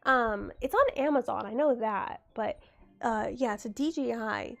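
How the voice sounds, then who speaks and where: A woman's voice: on the high side, moderate pace, gravelly. A young woman getting over a cold, chatting casually on a livestream and answering her chat.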